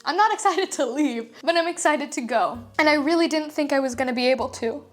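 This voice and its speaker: A young woman with a bright, high voice talks casually to her camera, chatty and heartfelt, often laughing. Soft music plays quietly behind her. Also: fairly quick. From Los Angeles. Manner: chatty and emotional, laughs often, many fillers. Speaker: vlogger. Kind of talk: casual chat. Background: soft background music.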